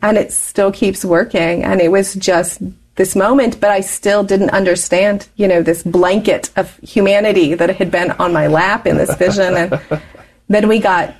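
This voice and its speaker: A woman's voice: medium pitch, steady tone, measured pace. Chatty woman telling her life story. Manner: chatty, laughs often while telling. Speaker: interview guest. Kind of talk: candid personal storytelling.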